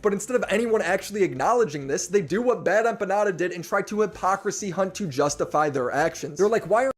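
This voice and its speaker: Guy with a kinda high voice reading out his side of things, calm and measured. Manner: measured, aggrieved explanation. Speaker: content creator making a statement. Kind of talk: scripted video commentary.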